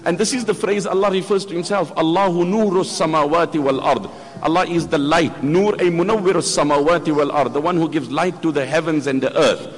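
A man's voice: on the high side, fairly quick. A man giving an earnest religious talk, explaining and quoting scripture as he summarizes a lecture. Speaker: Islamic speaker summarizing a lecture. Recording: long hall reverb.

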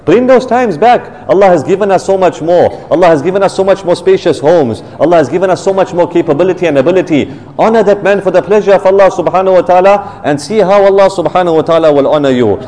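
Emphatic preacher in an echoing hall. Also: male voice, high-pitched, darkish tone. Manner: emphatic, slow on key phrases. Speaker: preacher, maulana. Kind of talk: sermon with storytelling. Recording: long hall reverb.

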